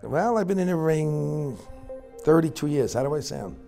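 A man's voice: fairly high pitch, expressive, normal speed, creaky, mellow, faint music behind. A veteran male floor trader giving a documentary interview, speaking assuredly in defense of the trading system.

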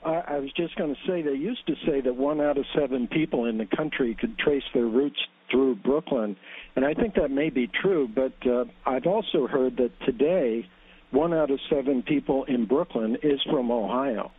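Male radio guest, husky, heard through a tinny, dead-dry line. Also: medium pitch, no room sound. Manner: halting, repeats words when starting. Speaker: in-studio guest. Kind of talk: radio panel conversation.

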